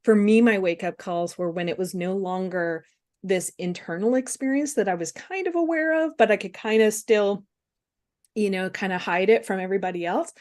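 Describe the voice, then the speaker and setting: A woman speaking candidly as a webinar guest, halting with fillers and restarts. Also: medium pitch, darkish tone. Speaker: guest speaker on compassion fatigue. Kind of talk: casual webinar conversation.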